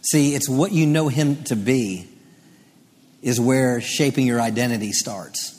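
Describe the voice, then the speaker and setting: A male pastor preaching a sermon, moving from quiet teaching to rising, emphatic delivery. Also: mid-range voice, a little slow. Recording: long hall reverb.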